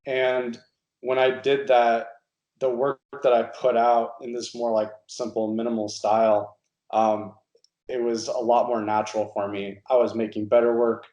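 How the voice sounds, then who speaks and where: A man's voice: medium pitch, little pitch movement, normal speed, darkish tone, muffled recording. A man from Nebraska, a guest designer, answering interview questions in a thoughtful, hesitant way with many fillers. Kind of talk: casual interview. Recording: roomy echo.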